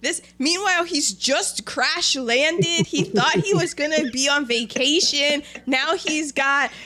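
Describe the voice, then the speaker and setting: A woman co-host chatting casually, animated and quick to laugh. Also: high voice. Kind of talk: casual chat.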